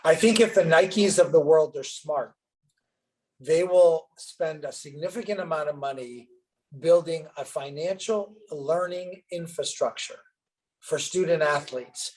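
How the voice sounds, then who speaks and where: A middle-aged businessman, a podcast guest, telling an anecdote in an animated way and acting out both sides of the dialogue. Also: a little high, measured pace, rough recording. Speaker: guest entrepreneur. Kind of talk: storytelling interview answer.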